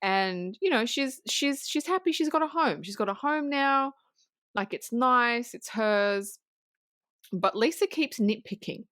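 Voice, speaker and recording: A woman co-hosting a podcast, casually recapping a film scene in an animated, swear-laden way with lots of restarts. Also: fairly high pitch, a little slow, no room sound. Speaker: podcast co-host.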